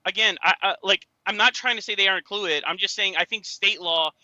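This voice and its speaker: A man on a dull, lo-fi call, talking fast in a high, bright voice. He stammers and hedges, circling around his answers. The sound is dry. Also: dry recording. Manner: hesitant, stammering, evasive. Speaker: caller in a debate. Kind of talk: hesitant live debate.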